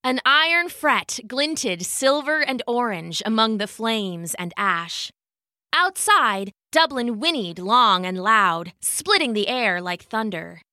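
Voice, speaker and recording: A woman storyteller narrates a fairy tale in an unhurried, measured way. Her voice is bright and a little high. The sound is dry and close, with no room around it. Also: lively intonation, no room sound.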